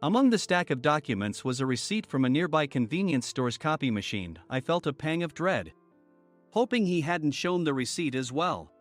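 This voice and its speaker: A man narrating a first-person workplace story in an even storytelling manner. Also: fairly high pitch, moderate pace. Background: faint music.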